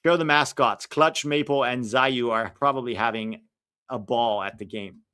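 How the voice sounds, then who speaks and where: Male stream host, casual and opinionated, reacts loudly to the play. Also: mid-range voice, steady tone, normal speed, clear, resonant tone. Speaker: livestream watch-along host. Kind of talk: casual live match commentary.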